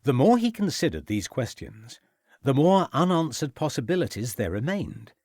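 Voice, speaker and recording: A man reading a mystery novel aloud in measured, reflective narration. His pitch moves expressively through the sentences. The sound is dry, close and free of room echo. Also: very animated, a little mellow, husky. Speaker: audiobook narrator. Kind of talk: scripted narration.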